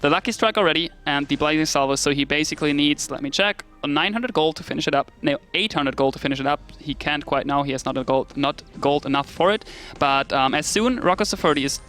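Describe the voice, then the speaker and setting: A man's voice: a little high, fast talker, hardly any pauses, a bit bright, smooth, faint music behind. A man commentating a live esports match in a casual, self-deprecating way, often laughing at himself.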